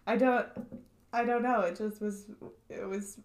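A woman's voice: medium pitch, steady tone, a little slow, a little mellow, echoey room. A young woman co-hosting a podcast in casual chat, giggly and teasing. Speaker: podcast co-host.

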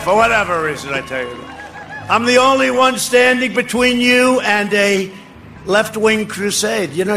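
An older man giving a boastful, rambling campaign rally speech outdoors, ad-libbing to the crowd and often shouting. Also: sits high. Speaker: political speaker at a rally. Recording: speech over a faint crowd and noisy ambience.

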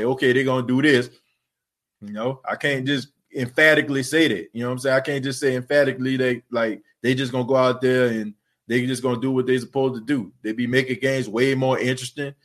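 A man's voice: medium pitch, a bit bright. A man hosting a podcast, rambling in casual sports talk with lots of fillers and repeats. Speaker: podcast host.

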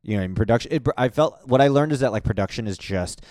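A man chatting casually as a guest, relaxed and full of fillers. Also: medium pitch, fast talker, no echo, clean studio sound. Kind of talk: casual podcast chat.

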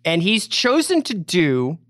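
A man's voice: sits high, huge pitch swings, unhurried, fairly bright tone, no room sound. A man co-hosting a podcast, chatting casually and dropping dry jokes. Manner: dry, joking asides. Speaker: podcast co-host. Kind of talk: casual chat.

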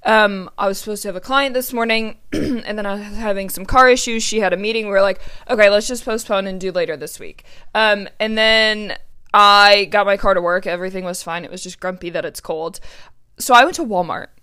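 A woman's voice: mid-range voice, brisk, pushed and bright, smooth. A young woman hosting her own podcast, talking casually, earnest and emotional, with lots of fillers and restarts. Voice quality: chatty, many fillers and restarts. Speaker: podcast host. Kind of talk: casual solo podcast chat.

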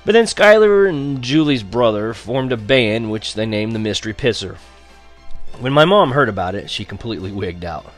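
A man's voice: medium pitch, big pitch swings, moderate pace, soft background music. A young man narrating a first-person story in a wry, conversational way. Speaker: audiobook narrator.

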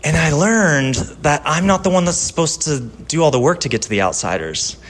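A man pastor giving a sermon in a conversational style, telling personal stories and dropping from lively to hushed. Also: fairly high pitch, moderate pace.

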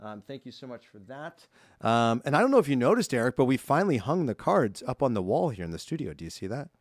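A man's voice: mid-range voice, very animated, quick pace, no echo, studio quality. Upbeat man co-hosting a podcast. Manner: chatty, upbeat, reads fan mail aloud. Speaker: podcast co-host. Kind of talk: casual podcast chat. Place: podcast studio.

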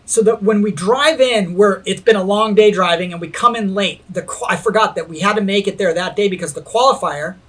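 High-voiced man telling a wild story. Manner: animated, heavy swearing, laughs while telling. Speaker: skate videographer telling a story. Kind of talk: casual storytelling chat.

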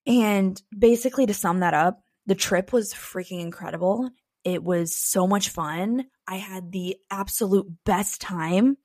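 A woman's voice: medium pitch, measured pace, darkish tone, no room sound, clean studio sound. A young woman co-hosting a podcast, telling personal stories in a candid, chatty way. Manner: candid, chatty, frequent "like" fillers. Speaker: podcast co-host. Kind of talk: casual personal storytelling.

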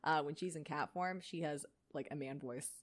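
A young woman reads a fanfic aloud in a lowish voice, sounding tired. She drifts into chatty asides full of fillers and little laughs. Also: moderate pace. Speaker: reader. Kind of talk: reading a fanfic aloud with casual chat.

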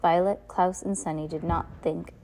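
A woman's voice: fairly low pitch, steady tone, normal speed, warm tone, slight background noise. A woman reading a novel aloud in a casual way, often restarting lines. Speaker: reader.

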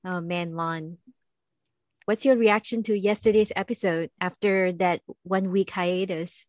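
A woman's voice: on the low side, fairly even intonation, unhurried, darkish tone, no room sound. Chatty woman hosting a podcast. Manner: chatty, playful, laughs easily. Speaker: podcast host. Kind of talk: casual podcast chat.

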